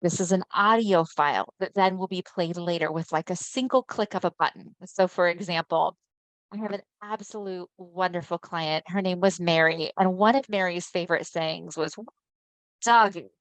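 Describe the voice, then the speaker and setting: A woman presents an online webinar, talking her audience through the material in a relaxed, chatty way and often checking that they are following. Her voice sits slightly low, and her video-call mic picks it up dry and close. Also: moderate pace, no room sound. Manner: conversational, often checks in with listeners.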